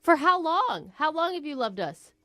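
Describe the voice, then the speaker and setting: A woman's voice: high voice, big pitch swings, moderate pace, a crowd in the background. A woman co-hosting a radio morning show, teasing and wry. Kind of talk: casual on-air banter.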